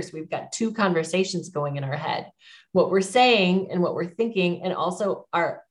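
A woman's voice: lowish voice, normal speed. A middle-aged woman giving public speaking advice as an interview guest, in an encouraging, emphatic coaching tone.

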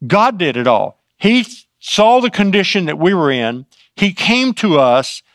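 A man's voice: high-pitched, big pitch swings, measured pace, fairly bright tone, dry recording, studio quality. A man preaching a sermon, reading scripture aloud and then explaining it in a conversational way with frequent restarts. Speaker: pastor.

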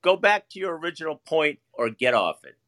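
Heated male debate host, bright and lively, profane, talks over people. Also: fairly high pitch, brisk, no echo.

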